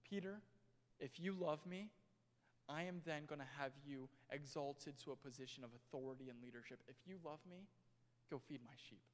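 A young male pastor preaching a sermon in a church, swinging between loud and hushed delivery. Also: fairly high pitch. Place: church sanctuary. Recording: long hall reverb.

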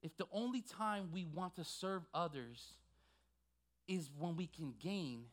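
A male pastor preaching a sermon with passion, swinging from quiet asides to loud, emphatic exhortation. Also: high voice, a little slow.

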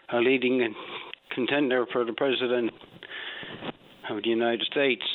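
A man's voice: medium pitch, slight background noise. A male radio caller speaking in a brash, dismissive, rambling way. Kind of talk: call-in radio opinion. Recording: tinny phone line.

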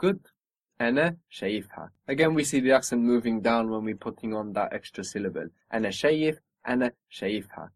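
A man with a medium-pitched voice speaks fast, with no room sound. He is teaching a spoken language lesson, patiently modelling pronunciation and encouraging his student.

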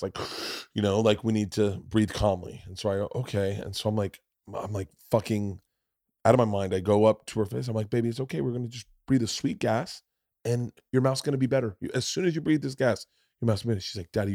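A man hosting a podcast, telling a long story in casual, animated chat with lots of swearing and restarts. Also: lowish voice, no echo, studio quality. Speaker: podcast host, comedian.

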